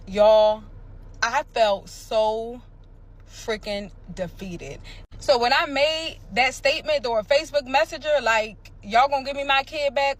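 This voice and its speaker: A woman from the area, telling a dramatic personal story in a casual, animated way. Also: sits high. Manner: animated, dramatic retelling with sound effects and quoted voices.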